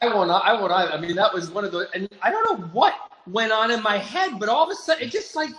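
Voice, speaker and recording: Man, reminiscing, swooping lively pitch, rambling, roomy echo. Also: quick pace. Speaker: guest performer. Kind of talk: anecdotal chat over video call.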